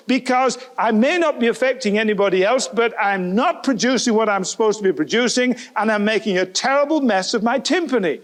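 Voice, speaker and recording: A man preaching a sermon, animated, putting rhetorical questions to the listeners and acting out the people he quotes. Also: sits high, moderate pace, few pauses. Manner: animated, voices quoted speakers.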